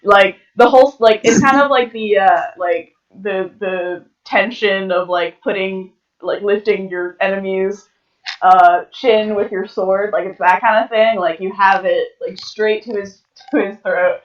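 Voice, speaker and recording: A woman's voice: medium pitch, steady tone, unhurried, echoey room, far from the mic, muffled recording. A woman narrating as game master of a tabletop game, hesitant, with many fillers and restarts.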